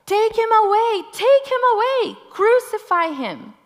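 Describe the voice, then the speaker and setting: A woman voicing an angry crowd of male religious leaders, shouting high and hard as she reads the scene aloud. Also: very animated, measured pace, long reverb tail, exaggerated voice. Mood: furious. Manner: shrill shouting, demanding.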